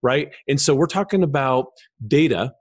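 Animated man telling stories in a dry studio. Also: mid-range voice, normal speed, dry recording. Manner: animated, acts out quoted voices, many fillers. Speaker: podcast guest. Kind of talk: casual storytelling interview.

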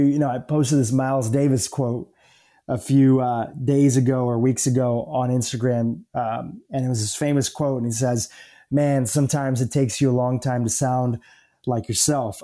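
Mellow-voiced male podcast host. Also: mid-range voice. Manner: calm, reflective, reads the disclaimer softly. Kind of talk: interview hosting and scripted disclaimer.

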